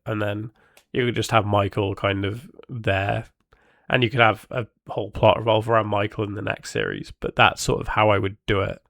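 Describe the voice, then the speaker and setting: A man with a low, gravelly voice talks through his ideas on a solo podcast, pausing often and restarting his sentences. The sound is dry and close. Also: steady tone, a bit bright, no echo. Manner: thinking aloud, many ums and restarts. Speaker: podcast host. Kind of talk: casual solo podcast talk.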